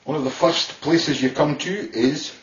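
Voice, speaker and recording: British man doing a deadpan comic monologue. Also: a little high, moderate pace, a little hiss or hum. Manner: deadpan asides, keeps saying "okay". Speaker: comedian. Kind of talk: comic monologue touring accents. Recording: roomy, distant, dull lo-fi sound.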